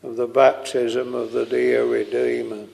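A man preaching a slow, earnest sermon, tender and pleading as he quotes hymns. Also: mid-range voice, level tone, gravelly, darkish tone. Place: church. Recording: long reverb of a large hall.

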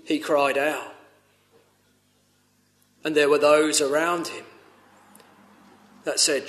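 A man's voice: a little high, fairly even intonation, slow, pauses often, fairly bright tone, echoey room. A man preaching a sermon, earnest and pleading, rising to urgent appeals. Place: church.

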